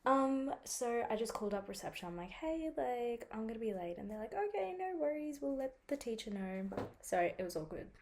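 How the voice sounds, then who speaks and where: A woman's voice: a little high, expressive, a little fast, noisy background. A young woman records a casual vlog at home, talking in a loose, chatty way. Her throat is sore from a cold, and she swears freely and acts out her own reactions as she goes. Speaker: vlogger.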